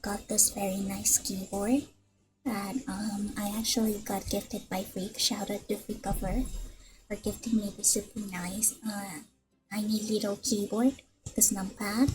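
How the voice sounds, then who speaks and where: A young woman streaming her first ASMR session, talking softly and often whispering, nervous and rambling. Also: mid-range voice, level tone, measured pace, low-quality recording. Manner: soft-spoken, often whispering. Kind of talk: casual ASMR stream chat. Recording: music playing behind.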